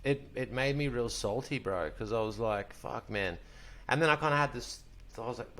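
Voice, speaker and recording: A man's voice: mid-range voice, normal speed. A young man hosting a podcast, chatting casually with a guest. He swears freely and keeps calling his guest bro. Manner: profane, animated storyteller, says bro a lot. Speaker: podcast host. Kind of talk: casual chat.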